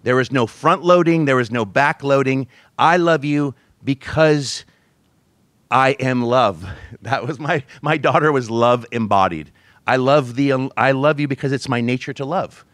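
A man's voice: medium pitch, moderate pace, dry recording. Man telling a sermon story, dry sound. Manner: animated storyteller, laughs at himself, acts out quoted voices. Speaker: pastor.

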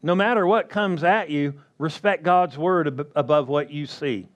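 A man preaching a sermon slowly and emphatically, often asking the congregation questions. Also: fairly high pitch.

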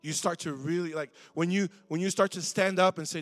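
A middle-aged man delivers a sermon in a casual, conversational way, often pausing to call on the young crowd for a response. His voice sits high for a man. It rings with the long reverb of a large church hall. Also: steady tone. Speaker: guest preacher at a youth service.

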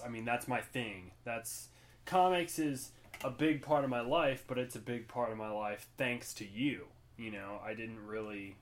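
A young man co-hosting a casual podcast, relaxed and rambling, laughing often. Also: medium pitch. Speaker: podcast co-host. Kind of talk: casual chat.

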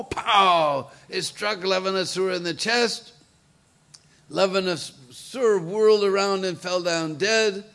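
A man telling a devotional story in an animated way, with chatty asides to his listeners. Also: high voice, a little slow, gravelly.

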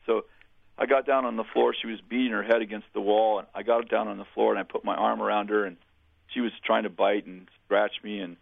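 Gravelly man telling stories down a phone line. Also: lowish voice, level tone, fairly quick. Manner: earnest, plainspoken storyteller with restarts. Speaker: pastor and guest. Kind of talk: storytelling in a radio interview.

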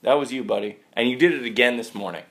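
A man's voice: medium pitch, quick pace, fairly bright tone. A man co-hosting a casual show, teasing his friend with mock indignation. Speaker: podcast co-host. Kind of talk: casual banter.

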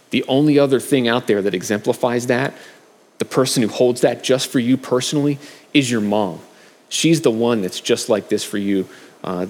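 Man, middle-aged, relaxed preacher, lowish voice, long echo of a church hall. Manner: conversational, frequent fillers and restarts. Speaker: preacher sharing a message. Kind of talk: casual sermon with scripture readings.

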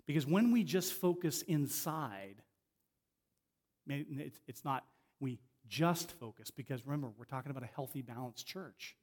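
A middle-aged man preaching as a guest speaker in a conversational way, often restarting phrases and slowing down to stress a point. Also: mid-range voice, expressive, a little mellow. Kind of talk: sermon.

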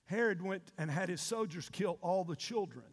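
A man preaching a sermon, shouting and calling out questions to his congregation. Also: high-pitched, moderate pace, slightly rough. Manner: preaching with loud shouted call-and-response. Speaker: pastor. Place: church sanctuary. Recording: long reverb of a large hall.

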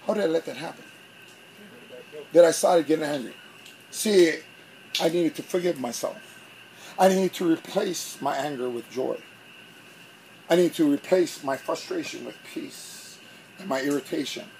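A pastor preaching a sermon, telling a story with animation and acting out both sides of an argument. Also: male voice, fairly high pitch, moderate pace, vocal fry, a little mellow, slight background noise.

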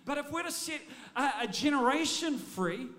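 Preaching a sermon, this pastor has a high-pitched voice that sounds pushed and bright. He's expressive and energetic at a normal speed, frequently backtracking to begin phrases again.

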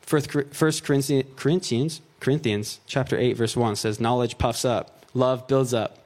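A man's voice: medium pitch, fairly even intonation, moderate pace, darkish tone. A man preaching a conversational sermon. He reads scripture aloud, then explains it in plain, joking asides peppered with "like" and "right?".

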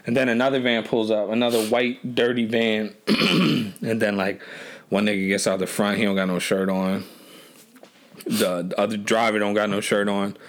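A man's voice: lowish voice, fairly even intonation, normal speed. A man casually telling a road trip story on a podcast, loose and profane, with lots of restarts.

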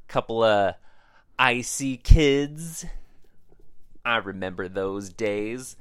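A gruff, mock-threatening alley mugger, as a man puts him on, drawling his demands slowly. The voice is smooth and close, and the recording is dry. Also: fairly low pitch, a bit bright, no room sound. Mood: menacing. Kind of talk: improvised sitcom parody.

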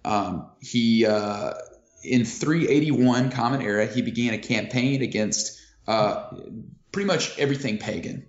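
A man's voice: medium pitch, measured pace. A man co-hosting a casual history podcast, talking loosely with many fillers and the odd swear word. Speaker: podcast co-host. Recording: roomy lo-fi audio.

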